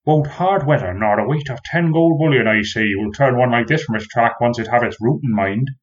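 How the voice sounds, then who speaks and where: A man's voice: mid-range voice, a little fast, highs cut off, lightly acted. A man voicing a plain-spoken rural farmer who talks in easygoing country dialect. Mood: folksy.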